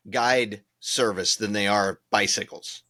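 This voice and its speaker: A man's voice: fairly low pitch, slow, pushed and bright. A man co-hosting a podcast, chiming in with joking asides in casual chat, a bit distant from the mic. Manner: joking interjections, laughs along. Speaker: podcast co-host.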